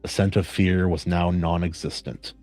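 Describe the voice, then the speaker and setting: A man hosting a podcast, reading a story aloud in a measured, earnest way and then chatting casually. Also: sits low, fairly even intonation, soft background music. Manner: measured, earnest reading; warm praise in chat.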